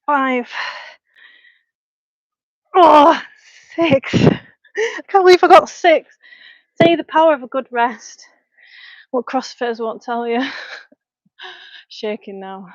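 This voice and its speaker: A woman's voice: high-pitched, takes it slowly, long pauses, no echo, muffled recording. A woman in her thirties with a Lancashire accent, a fitness coach chatting frankly and laughing often as she works out at home on a live stream. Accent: Lancashire English. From North West England. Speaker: fitness coach and personal trainer. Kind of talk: live-stream chat while working out. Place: home, indoors. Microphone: small clip-on mic.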